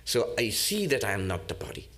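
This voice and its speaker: A man, a monk, giving a spiritual lecture in a deliberate, teacherly way, repeating key terms. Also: lowish voice, very animated, a bit bright.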